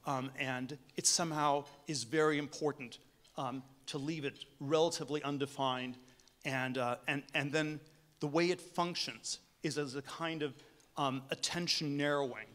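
Halting man giving a keynote. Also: fairly high pitch, fairly even intonation, a bit bright. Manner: halting, many restarts and fillers. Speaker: keynote speaker. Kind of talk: conference keynote speech. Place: hotel conference room.

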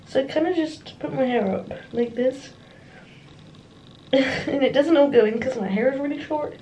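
Speaking at a moderate pace in a warm, high voice, a young adult woman vlogs casually to camera in a student bedroom, giggly and bubbly. A handheld compact camera records her, with slight background noise.

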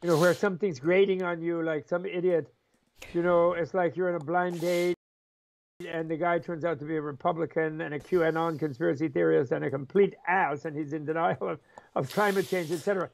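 With a gravelly voice on the high side, fairly even intonation, and a fairly quick pace, this older Buddhist scholar tells animated stories as an interview guest. He chuckles, rambles off on asides, and performs the voices in his quotes.

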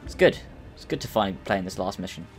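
A young man talks through a video game in a loose, excitable ramble. His voice sits on the low side, with faint game music behind him. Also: rapid-fire. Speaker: let's play gamer. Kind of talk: casual gameplay commentary.

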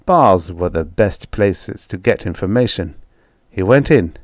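A man reading a short story aloud in an even, measured way. His voice sits slightly low and is recorded dry and close, with no room sound. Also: no room sound. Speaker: audiobook narrator. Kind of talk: scripted story narration.

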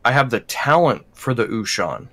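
A man chats casually as a player in a tabletop role-playing game, often stopping and restarting his sentences. His tone is bright and forceful. The sound is dry and close. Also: medium pitch, very animated, normal speed, creaky, no echo. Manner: hesitant, trailing off.

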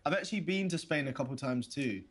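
A man's voice: a little high, expressive, quick pace. An actor playing a hesitant, polite young man on a video date, often stammering and restarting. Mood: eager. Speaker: player character on video dates.

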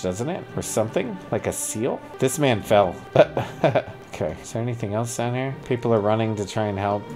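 A man's voice: on the low side, darkish tone. A man streaming a video game, thinking aloud and puzzling over clues, with sudden startled outbursts. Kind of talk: casual gameplay commentary. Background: faint music.

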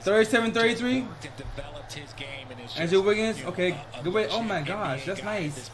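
A man with a notably high voice chats casually over game highlights. He's excitable and slangy, tossing in "bro" at every turn. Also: normal speed, crowd noise. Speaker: reaction video host. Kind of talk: casual reaction commentary.

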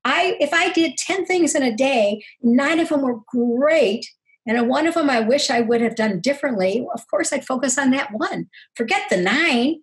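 Older woman guest, earnest and reflective, fairly high voice, soft laughs. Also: lively intonation, normal speed, poor audio. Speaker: guest, counselor. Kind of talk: interview conversation.

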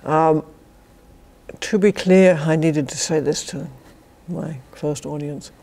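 Gravelly-voiced older British woman lecturing. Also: low-pitched, fairly even intonation, takes it slowly, warm tone. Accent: British English. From Britain. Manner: wry, dry humour with chuckled asides. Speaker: philosophy professor giving a lecture. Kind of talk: academic lecture. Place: university lecture to a student society.

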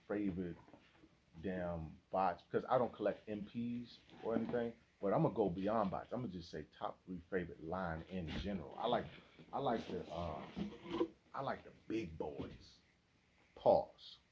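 Speaking at a measured pace in a deep voice, a man hosts his toy collecting channel with relaxed unboxing chatter. His delivery is lively, slang-filled and talkative, with frequent laughs. A little hiss or hum sits under the audio.

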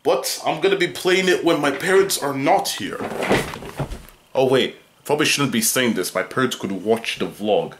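A young man vlogging at home, dramatic and whiny, swinging between loud complaints and mutters. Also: mid-range voice, moderate pace, background noise. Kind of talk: casual home vlog.

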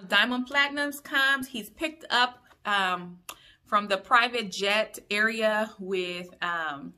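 Chatty bright-voiced woman recapping TV. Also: mid-range voice, takes it slowly. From Liberia. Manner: chatty, opinionated asides. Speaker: YouTube reviewer. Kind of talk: casual TV recap.

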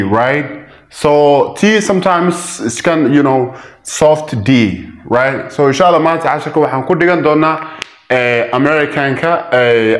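A man teaching English pronunciation. He repeats example words slowly and switches between languages as he explains. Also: mid-range voice, roomy sound. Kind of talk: pronunciation lesson.

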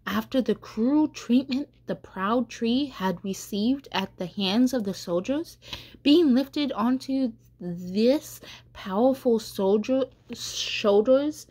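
A woman catechist reading a children's storybook aloud in a gentle, unhurried way. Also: medium pitch.

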